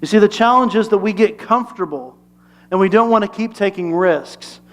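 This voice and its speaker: High-voiced pastor preaching conversationally. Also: male voice, fairly quick, fairly bright tone. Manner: conversational, humorous, asks the congregation questions. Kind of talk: sermon.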